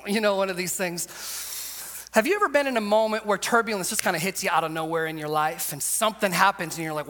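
A male pastor with a high, bright, forceful voice tells a comic story as he preaches. He acts out every quote with lively energy. A long reverb from a large hall trails his words. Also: fast. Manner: animated storyteller, acts out quotes, laughs often. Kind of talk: sermon with a humorous personal story.

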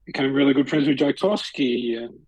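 A middle-aged man with a medium pitch and a somewhat dark tone speaks fairly quickly while co-hosting a podcast. He tells stories chattily in a loose, rambling way with many restarts. The sound is lo-fi, with no room sound.

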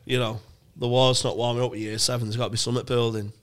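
A man's voice: medium pitch, little pitch movement, fast. Sweary young man telling stories. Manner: rambling, sweary storytelling with restarts. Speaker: comedy podcast co-host. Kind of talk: casual storytelling chat.

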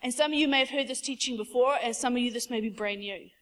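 A woman preaches with fervent conviction, her voice sitting a touch high. She tells her story casually and conversationally, like chatting with the congregation. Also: quick pace, fairly bright tone. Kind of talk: sermon.

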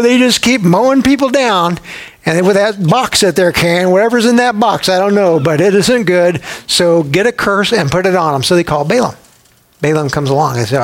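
Male pastor, fairly high voice, animated conversational sermon style with playful storytelling. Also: moderate pace. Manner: humorous, conversational.

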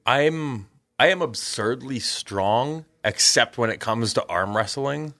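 A man with a Canadian accent, an excitable podcast co-host who answers questions about game development. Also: medium pitch, no room sound, studio quality. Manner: excitable, quick quips. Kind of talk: casual podcast chat.

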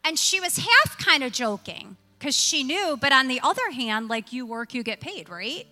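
A woman's voice: high voice, big pitch swings, pushed and bright, in a large hall, faint music behind. Earnest woman pastor preaching. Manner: earnest, slow emphatic phrasing with storytelling. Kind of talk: sermon. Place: church.

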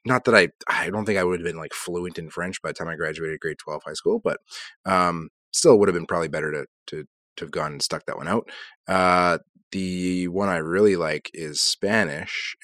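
A deep, low-pitched man chats on a podcast with a relaxed, dry sense of humour. The recording is close and dry. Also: no echo. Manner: relaxed, dry humour, calls his friend bro. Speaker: podcast co-host. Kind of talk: casual chat.

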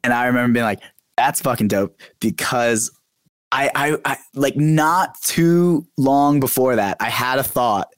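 A young man talks as a podcast guest in a loose, animated way, leaning on fillers like "like" and "dude". His voice sits at a middle pitch. The sound is dry and close to the mic. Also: unhurried, no echo. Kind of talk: casual chat.

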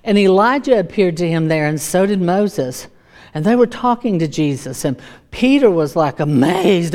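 Emphatic woman preaching, low-ish voice. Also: expressive, normal speed, a little mellow. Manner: emphatic, repeats key lines. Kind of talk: sermon.

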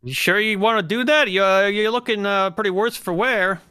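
A man with a bright, smooth voice plays a character at a tabletop game. He talks hesitantly and pads his lines with fillers, sounding like he is working things out as he goes. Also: high voice, moderate pace. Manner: hesitant, full of "you know" and "uh". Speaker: player.

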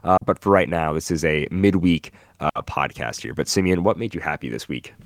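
Man, podcast host, very low voice, dry close sound, playful banter. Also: brisk, no echo. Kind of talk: casual podcast chat.

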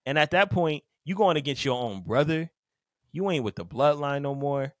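A man's voice: on the high side, animated, moderate pace, dry recording. A man co-hosting a podcast in casual chat, laid-back, acting out quotes in slang. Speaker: podcast co-host.

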